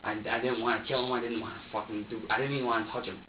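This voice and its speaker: A man's voice: mid-range voice, little pitch movement, a little hiss or hum. Rambling young man in an echoey interview room. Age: 20s. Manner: rambling, profane, halting repetitions. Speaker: suspect being questioned. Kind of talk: police interrogation statement. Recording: dull, distant, echoey room recording with faint ambience.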